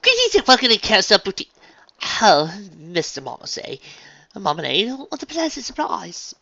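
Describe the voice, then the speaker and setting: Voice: medium pitch, sing-song, normal speed, creaky, pushed and bright, dry recording, pitched above the performer's own voice, full character voice. A reader voicing a refined, dramatic unicorn dressmaker mare who talks in a posh, gushing, theatrical way, on a dull lo-fi recording. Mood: gracious.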